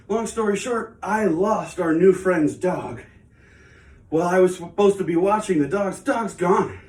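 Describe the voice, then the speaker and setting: A man's voice: sits high, animated, unhurried, a little mellow, recorded from a distance. A man hosting his own channel, chatting casually and rambling while out of breath from exercise. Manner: chatty, rambling, self-mocking. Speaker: channel host. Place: home studio. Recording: echoey room, away from the mic.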